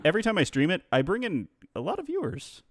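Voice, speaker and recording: A man's voice: high voice, huge pitch swings, fast, no echo. A man hosting a casual livestream chat, joking and laughing often. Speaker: streamer host.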